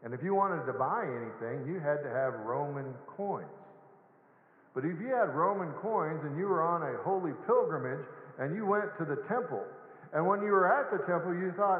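A man's voice: fairly high pitch, lively intonation, normal speed. A man preaching a sermon as pastor in a conversational way, telling jokes and acting out short asides. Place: large church sanctuary. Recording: echoey hall on a tinny lo-fi line.

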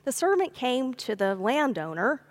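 A woman preaches a sermon, her voice a touch high. She tells the story in a chatty, folksy way and speaks straight to her congregation. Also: sing-song, moderate pace. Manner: storytelling, acts out the characters' pleas with a raised voice; conversational, folksy asides. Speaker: pastor. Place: church sanctuary.

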